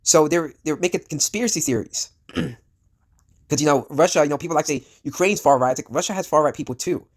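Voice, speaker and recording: A sick, coughing man rants in a fairly high voice. His commentary rambles and restarts, packed with "you know" and "like". He is blunt and profane. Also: fairly quick. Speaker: vlogger. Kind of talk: casual ranting commentary.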